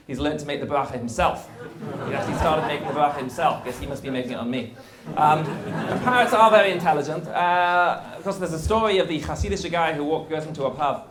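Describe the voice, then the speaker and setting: A man speaking as a guest rabbi, giving a conversational lecture and explaining things in a lively way with wry jokes. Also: on the high side, reverberant.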